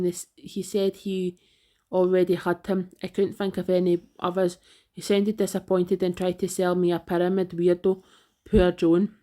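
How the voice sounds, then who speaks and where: A woman reading out online comments in a flat, even delivery. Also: fairly low pitch.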